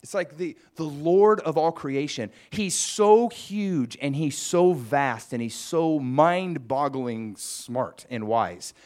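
A man's voice: a little high, takes it slowly, hardly any pauses, a little mellow. A man preaching a conversational sermon, musing aloud with asides to the congregation. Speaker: pastor.

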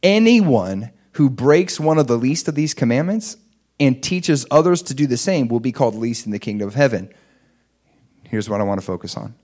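A man's voice: medium pitch, expressive, moderate pace, a little mellow. A man preaching a sermon in a conversational way, checking in with the congregation and rising to emphatic peaks. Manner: asks the audience for agreement.

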